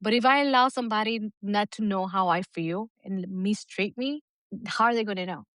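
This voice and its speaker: A middle-aged woman talks frankly on her podcast, dropping curse words and laughing often. Her voice is recorded close and dry, with no room sound around it, and sits at an average pitch for a woman. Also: brisk, a bit bright, clean tone, no room sound. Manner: blunt and profane, with frequent laughter. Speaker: podcast co-host. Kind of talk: casual podcast chat.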